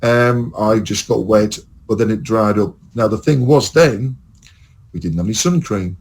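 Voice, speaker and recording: A man's voice: fairly low pitch, normal speed, a little hiss or hum, rough recording. A man telling long, rambling, sweary stories as a podcast host in casual chat.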